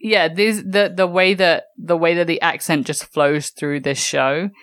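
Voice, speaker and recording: Young English woman co-host; low, dry voice; lively, swears casually. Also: no room sound. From England. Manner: animated, swears freely, quick asides. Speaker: podcast co-host. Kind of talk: casual chat.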